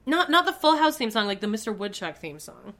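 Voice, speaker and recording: A woman from Canada co-hosting a podcast, chatting casually in an animated, gossipy way. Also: mid-range voice, a little fast. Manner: animated, gossipy, laughs often. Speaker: podcast co-host. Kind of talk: casual chat.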